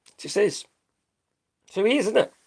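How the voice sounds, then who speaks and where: A man's voice: high voice, animated, moderate pace, gravelly, breathy edge. A middle-aged British man hosting a live stream, ranting in a blunt, rambling, sweary way and laughing at his own jokes. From Britain. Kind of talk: casual live-stream commentary.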